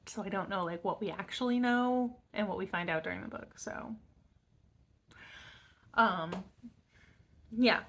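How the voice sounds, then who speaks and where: A woman's voice: medium pitch, fairly bright tone. A young adult woman reviewing books in a casual chat, bubbly and rambling with many fillers. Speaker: book vlogger.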